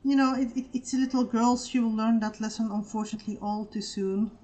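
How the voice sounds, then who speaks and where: A woman's voice: a little high, brisk. A woman co-hosting a live stream, telling stories in casual chat and swearing freely. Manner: animated storytelling, swears freely. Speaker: streamer co-host.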